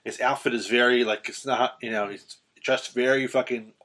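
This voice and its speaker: A man co-hosting a podcast, casually recapping a film in a profane, animated way and acting out quotes with sudden shouts. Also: medium pitch, normal speed. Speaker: podcast co-host.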